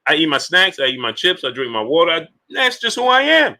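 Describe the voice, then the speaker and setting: Bright, emphatic man on a stream. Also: on the high side, brisk. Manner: animated, repetitive, emphatic rhetorical questions. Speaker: live-stream boxing commentator. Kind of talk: live-stream commentary reading super chats.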